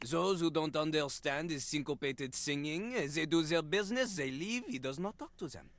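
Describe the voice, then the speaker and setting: An actor with a high-leaning, lively voice plays a cocky toilet-man rapper in a video game, speaking at normal speed with a French accent. Smug and sing-song, he brags in rhyme over a hip hop beat.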